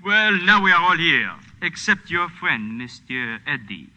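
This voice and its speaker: An actor playing a middle-aged police captain, silky and coldly polite, in a 1940s radio play. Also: male voice, medium pitch, lively intonation, brisk, bright, forceful tone, big-room sound, highs cut off.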